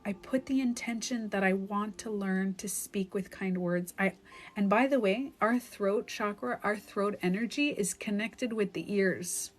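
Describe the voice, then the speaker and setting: A woman's voice: mid-range voice, unhurried. A woman life coach in her thirties, telling a candid, emotional story in a phone live-stream monologue, with lots of "like.".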